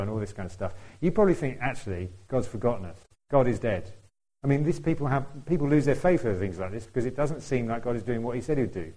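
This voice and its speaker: A man gives a relaxed, chatty sermon in a warm, mellow voice. He talks straight to the congregation and keeps putting questions to them. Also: mid-range voice, low-quality recording. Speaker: preacher. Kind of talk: conversational sermon.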